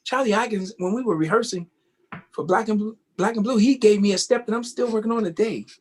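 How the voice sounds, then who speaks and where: High-voiced man telling stage stories. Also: a little fast, slight background noise. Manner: animated, keeps asking "you know what I mean?". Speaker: guest, tap dancer. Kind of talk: casual interview storytelling.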